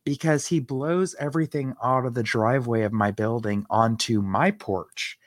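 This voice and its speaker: A woman's voice: rumbling low, moderate pace, no room sound, clean studio sound. A woman co-hosting a casual podcast, ranting bluntly and reading a news story aloud. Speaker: podcast co-host.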